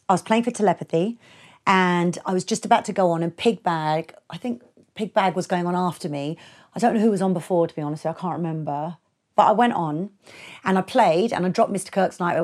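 A middle-aged woman DJ being interviewed, telling stories frankly and animatedly, swearing freely and acting out the voices of people in her stories. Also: on the low side. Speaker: guest DJ and producer. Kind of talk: casual storytelling interview.

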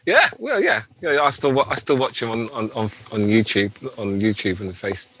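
Low-ish forceful guy in his 40s, ex rave mc rambling on, dry close mic. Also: lively intonation, moderate pace, breathy edge, no room sound. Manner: rambling, keeps saying "do you know what I mean". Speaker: rave MC, guest. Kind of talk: casual interview chat.

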